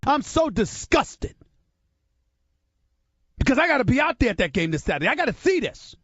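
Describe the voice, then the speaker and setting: A man's voice: very high-pitched, big pitch swings, moderate pace, a bit bright, dry recording. A man giving heated sports commentary in an exasperated, disgusted rant, on slightly muffled broadcast audio.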